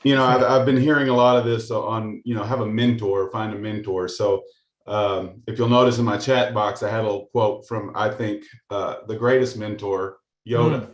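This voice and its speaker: A man's voice: on the low side, fairly even intonation, normal speed. A middle-aged man on a video call telling a story, hesitant, with many fillers and restarts. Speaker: call participant. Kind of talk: casual storytelling. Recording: echoey room.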